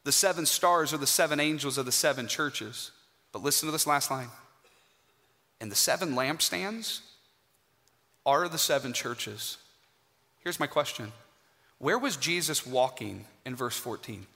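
A man preaching a sermon in a church, emphatic and dramatic, with pauses for effect. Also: mid-range voice, animated, bright, forceful tone. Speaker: guest preacher. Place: church sanctuary. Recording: hall reverb.

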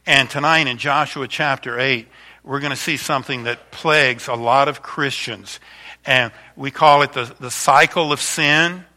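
A man's voice: mid-range voice, steady tone, a little slow. A man in his fifties, a pastor chatting through a slideshow of stories before his sermon. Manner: chatty, warm storytelling with frequent restarts.

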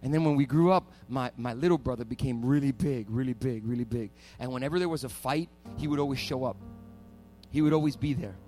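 A man preaching a sermon as pastor, telling stories with animated energy and building to loud, fervent preaching. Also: mid-range voice, brisk, soft background music.

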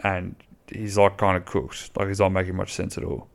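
Man, gravelly fry, slightly low voice, rambling sweary podcast chat. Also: completely flat delivery, moderate pace. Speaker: podcast host. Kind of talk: casual solo podcast chat.

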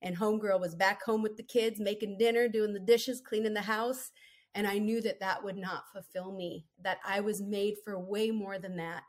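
An earnest woman in her thirties talks through her story as a podcast guest. She keeps it casual and upbeat, checking in with "right?" as she goes, and her voice sits at an ordinary middle pitch. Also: steady tone, moderate pace. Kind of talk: casual interview chat.

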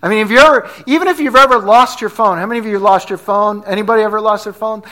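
A man's voice: sits high, fast talker, bright, forceful tone. A man preaching a sermon as pastor, talking conversationally, asking the congregation questions and telling stories with energy.

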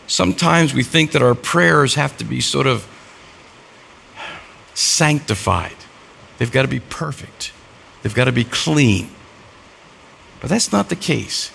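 A man's voice: mid-range voice, creaky, a bit bright, slight background noise. A middle-aged man preaching a sermon as a pastor, telling stories and acting out the dialogue in them. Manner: storytelling with acted-out dialogue.

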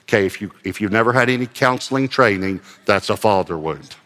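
A man's voice: fairly low pitch, lively intonation, a little fast, sharp tone, in a large hall, slight background noise. A male pastor giving a conversational sermon, reading scripture aloud and adding light self-deprecating humor.

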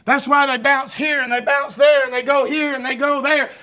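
A man preaching a fervent sermon, often shouting and stumbling over repeated words. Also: extremely high pitch, little pitch movement, normal speed.

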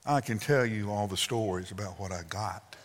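A man in his sixties preaching a sermon, telling folksy family stories with sudden loud outbursts and soft asides. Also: lowish voice, moderate pace. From Southern United States. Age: 60s. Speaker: pastor. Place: church sanctuary. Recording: long hall reverb.

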